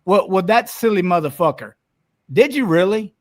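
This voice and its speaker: A man's voice: high voice, expressive, normal speed. An older man and former wrestler, arguing heatedly as an interview guest, swearing and cutting in again and again. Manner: profane, indignant, cuts in repeatedly. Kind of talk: heated argument.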